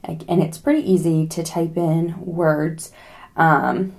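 A woman's voice: low-pitched, steady tone, slow, creaky, darkish tone. A young adult woman hosting a casual how-to video, chatty and joking as she walks through a gadget step by step. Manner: chatty, joking pleas to subscribe. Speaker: product demo host. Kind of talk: casual tutorial demo.

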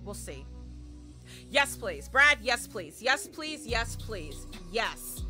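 Excitable high-voiced woman streamer. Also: slow, soft background music. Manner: chatty, excitable, talks back to the game. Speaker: live streamer. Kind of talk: casual gaming stream chat.

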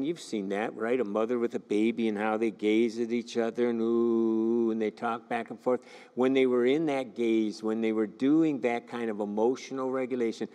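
A man leads a church class in a relaxed, talky manner, checking in with the room through questions. His voice sits at an ordinary middle pitch. The recording carries a long reverberant tail, as in a large church hall. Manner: conversational, asks the class questions.

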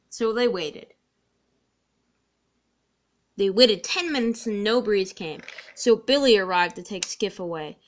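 A woman's voice: mid-range voice, expressive, unhurried, long pauses. Woman narrating a homemade toy-train story.

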